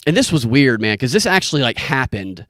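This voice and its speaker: A man's voice: mid-range voice, sing-song, a little fast, a bit bright, no room sound. Male podcast host, rambling casual storyteller, mid voice, dry and close. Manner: rambling storyteller, lots of restarts.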